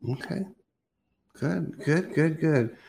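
A man in his sixties co-hosts a casual faith talk show. His voice sits a little high for a man. He muses his way through questions and often restarts or trails off mid-sentence. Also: takes it slowly, creaky, darkish tone. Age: 60s. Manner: musing, with many restarts and fillers. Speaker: co-host.

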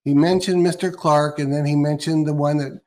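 A man's voice: a little high, fairly even intonation, normal speed, a little mellow. A man hosting a talk show, giving short encouraging remarks to his guest. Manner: brief encouraging interjections. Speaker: host. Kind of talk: casual chat.

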